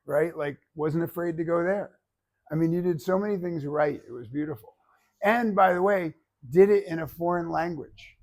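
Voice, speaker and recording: A man coaching a public speaking class, giving feedback and telling stories in an animated way that acts out other people's voices. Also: on the high side, normal speed.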